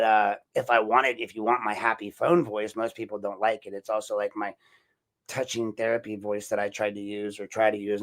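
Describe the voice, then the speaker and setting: A man with a raspy, deep voice hosting an opinionated solo podcast, talking in an indignant, rambling way and repeating himself. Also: little pitch movement, fairly quick, a bit bright. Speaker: podcast host.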